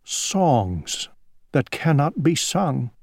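A woman voicing a gentle, earnest male owl who frets and weeps in a picture book read-aloud; Chinese is her first language. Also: low voice, very animated, very slow, no room sound, studio quality, full character voice. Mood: sad, musing.

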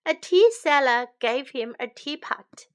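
A woman reading a children's story aloud slowly and clearly for English learners. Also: high voice, expressive. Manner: slow, clear, teacherly.

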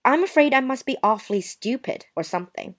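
Reading a dramatized short story, a woman voices a touchy, prim young woman who sounds offended and answers with sarcastic, wounded politeness. Her voice is a little high, with lively intonation and a slightly fast pace.

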